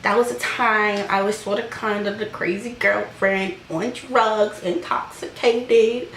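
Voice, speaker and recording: A woman's voice: medium pitch, fairly even intonation, unhurried, few pauses, a bit bright. Chatty young woman in an echoey room. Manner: chatty, fillers of "like", laughs at herself, acts out the quoted lines. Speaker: vlogger telling a personal story. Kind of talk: casual storytime vlog. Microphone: camera microphone. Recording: echoey room, faint background noise.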